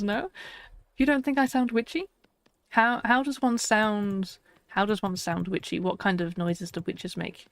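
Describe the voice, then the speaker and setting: A woman's voice: medium pitch, no room sound. Chatty woman streamer, dry close mic. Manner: chatty, talks to herself, laughs often. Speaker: streamer playing a survival game. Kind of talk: casual live-stream chat.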